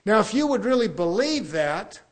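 High-voiced man preaching a folksy sermon. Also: big pitch swings, moderate pace. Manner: folksy, conversational preaching with rhetorical questions.

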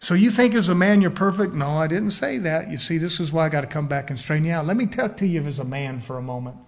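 Fiery high-voiced preacher man. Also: expressive, quick pace, gravelly. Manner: swings from hushed to shouting, folksy and emphatic. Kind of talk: fiery sermon.

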